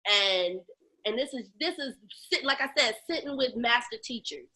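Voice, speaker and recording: A woman tells her own story in an interview, with a bright voice pitched a little high. She is animated and acts out other people's voices, then drops low and quiet on painful memories. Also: moderate pace. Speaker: guest, lactation educator. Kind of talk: candid personal storytelling in an interview.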